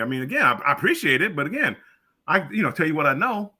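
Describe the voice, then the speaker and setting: An older man co-hosts a casual live-stream chat. His voice is very bright and sharp, and he stammers and restarts while he works his way through a story. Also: on the high side, sing-song, moderate pace, pauses often. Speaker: co-host.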